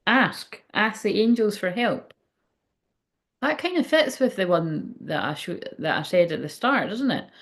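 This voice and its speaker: A woman's voice: mid-range voice, big pitch swings, measured pace, creaky. A woman hosting a psychic livestream from home, chatting loosely and emotionally, swearing often and trailing off mid-sentence. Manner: rambling, emotional, swears freely, frequent laughs. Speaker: psychic medium livestream host. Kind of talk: casual livestream chat.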